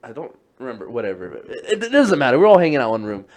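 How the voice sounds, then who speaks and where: A man's voice: mid-range voice, big pitch swings, fast, darkish tone. Young guy rambling thru a story on a podcast, laughing a lot. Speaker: podcast co-host. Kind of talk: casual storytelling.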